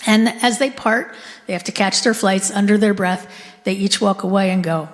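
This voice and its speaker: A woman's voice: medium pitch, steady tone, normal speed. A middle-aged woman giving a conversational talk to a live audience, asking them questions as she goes. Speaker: guest speaker. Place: synagogue hall. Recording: long hall reverb from a live room.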